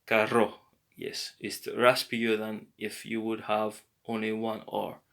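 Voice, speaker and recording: Slow, gravelly man teaching. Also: on the low side, completely flat delivery, a bit bright. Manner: slow, patient explaining with drawn-out words. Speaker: language teacher. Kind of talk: beginner language lesson.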